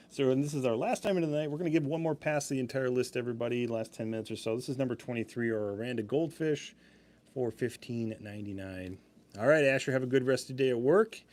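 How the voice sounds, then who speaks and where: A man's voice: medium pitch, fast, darkish tone. A young man hosting a live-stream sale, chatting casually with easy laughs and rambling asides.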